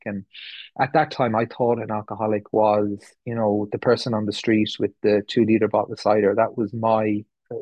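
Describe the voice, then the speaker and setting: A man's voice: fairly low pitch, level tone, normal speed, no echo, highs cut off. Irish man, thirties, candid recovery testimony, rambling with restarts, dry close sound. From west of Ireland. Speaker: speaker sharing recovery story. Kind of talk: personal testimony talk. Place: meeting room.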